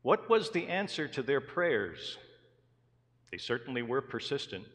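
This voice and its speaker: A man's voice: medium pitch, sing-song, a little slow, a bit bright. A man, a pastor, preaching a sermon, first reading scripture and then telling stories in an earnest way. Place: church sanctuary. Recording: long hall reverb in a church.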